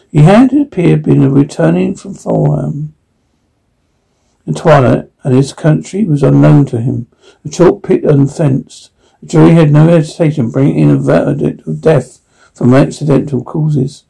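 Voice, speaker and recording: A man reading a classic story aloud in the first person, with frequent halting restarts. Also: on the high side, creaky, warm tone, slightly rough, low-quality recording. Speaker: audiobook reader.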